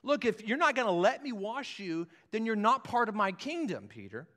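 A man's voice: high-pitched, sing-song, moderate pace, sharp tone, pitched above the performer's own voice, exaggerated voice. Firm, earnest male teacher played by a preacher, raised voice, long church reverb. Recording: echoey church hall.

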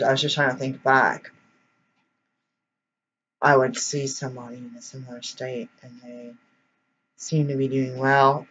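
A man's voice: medium pitch, a bit bright, lo-fi sound, slight background noise. A man who is a single parent, talking in a casual personal vlog in a rambling, reflective way with many fillers.

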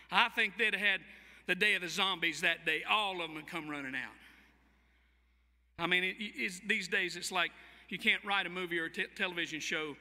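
A Southern American man preaching a sermon in a church sanctuary, his high voice ringing with a very bright, forceful edge. He tells the story dramatically and voices each quoted line. The long hall reverb trails after his words. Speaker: pastor.

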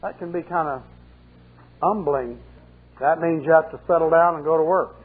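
A man's voice: on the high side, moderate pace, husky. An older male pastor preaching a sermon with folksy, humorous storytelling. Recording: muffled 1980 sermon tape, phone-like.

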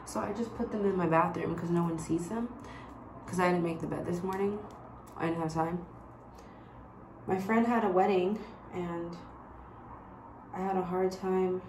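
A woman's voice: lowish voice, moderate pace, pauses often, darkish tone, echoey room, slight background noise, poor audio. A woman vlogging at home in casual, rambling chat, with a lot of "like" between her words. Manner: rambling, chatty, heavy use of "like". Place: home bedroom.

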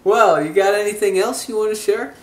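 A man's voice: high voice, fairly quick, a little hiss or hum. A man hosting a podcast, easygoing and chatty, laughing along with his guest. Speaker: podcast host. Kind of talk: casual chat. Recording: roomy echo.

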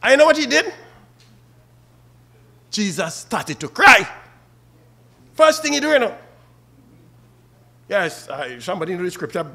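A man's voice: sits high, very animated, a little slow, gravelly, long pauses, sharp tone. A man with a Trinidadian accent preaching a funeral sermon and calling out to the mourners by name. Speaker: officiating minister at a funeral.

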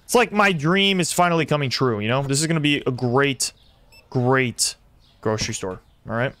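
A young man streaming a simulator game, commenting excitedly and talking to his chat as he plays. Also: mid-range voice, moderate pace. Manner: excitable, talks to chat while playing. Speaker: gaming streamer. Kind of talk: live gameplay commentary.

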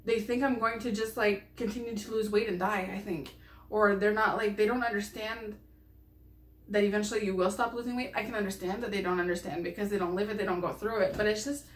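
A woman's voice: medium pitch, a bit bright. A young woman vlogger talking casually to camera, chatty and rambling with lots of fillers. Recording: echoey room.

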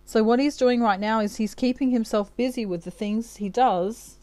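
A woman's voice: a little high, moderate pace, mellow, rough recording. A woman giving a channelled tarot reading in a chatty way, often checking in with "okay?" and laughing at herself. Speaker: tarot reader.

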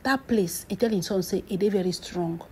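Husky Nigerian woman dishing dramatic gossip. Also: medium pitch, warm tone. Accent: Nigerian Pidgin English. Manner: emphatic, drawn-out phrases, whispered asides, sudden exclamations. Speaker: celebrity gossip commentator.

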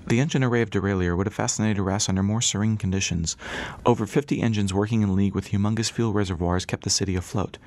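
A man narrating an audiobook in a brisk, steady storytelling manner. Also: lowish voice. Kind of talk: scripted narration.

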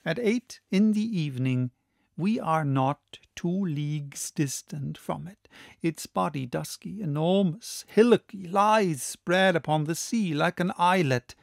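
A male audiobook narrator reads in a slow, deliberate way with a gravelly edge to his slightly raised voice. The sound is dry and close. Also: fairly high pitch, no room sound. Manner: measured, deliberate reading.

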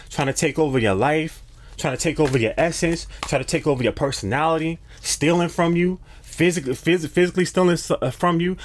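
A man's voice: a little high, slight background noise. A man giving a casual spiritual tarot reading to his viewers, slangy and emphatic, often repeating phrases and restarting as messages come through. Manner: hesitant restarts when channeling messages. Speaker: tarot card reader.

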